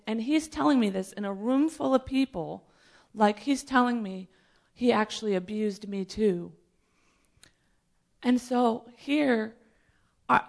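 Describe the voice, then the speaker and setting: A woman tells a personal faith testimony in earnest, unscripted talk, full of fillers and restarts. Her voice sits a little high, with a gravelly, fried texture. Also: a little mellow. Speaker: church member sharing testimony.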